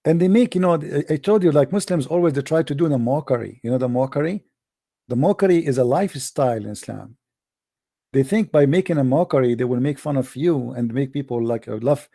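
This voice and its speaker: A man's voice: medium pitch, expressive, brisk, gravelly, dark tone. Combative male host. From Middle East. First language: Arabic. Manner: combative, mocking, blunt insults. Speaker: live-stream host. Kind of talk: heated live-stream debate.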